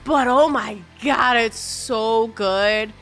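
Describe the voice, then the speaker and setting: A bubbly woman chats with her live-stream viewers, her voice high and very bright. She greets people in a sing-song and laughs easily while she talks. Faint music plays under her voice. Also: drawn-out words. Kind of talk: casual live-stream chat.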